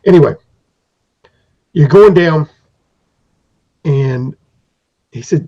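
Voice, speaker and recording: A man's voice: mid-range voice, a little slow, vocal fry, pauses often, dark tone, husky. A man acting as game master, narrating a tabletop game in a rambling, descriptive way on a dull lo-fi recording.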